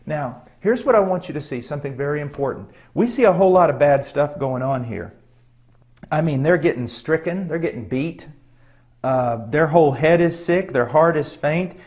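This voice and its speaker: An expressive, fairly high-pitched middle-aged man tells a personal story during a sermon. He's earnest and conversational, pausing often and letting out quiet chuckles.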